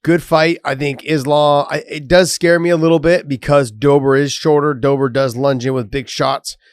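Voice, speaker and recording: His voice leans high, with fairly even intonation, a moderate pace, and a clean tone, recorded in a clean studio with no room sound. He co-hosts a sports podcast in relaxed, profane chat and reads a sponsor promo.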